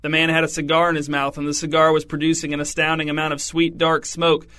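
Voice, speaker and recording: A man narrating a comic story in a wry, deadpan way. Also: on the high side, quick pace. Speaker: audiobook narrator.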